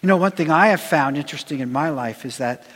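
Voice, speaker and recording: A man preaching a sermon in a measured, emphatic way, his voice dropping low at the ends of phrases. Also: fairly bright tone, slightly rough. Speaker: pastor. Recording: long reverb of a church hall.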